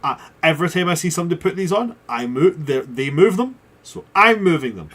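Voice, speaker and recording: A man's voice: a little high, expressive, fairly quick, a bit bright. A man running a tabletop game as game master, rambling and self-mocking, full of restarts.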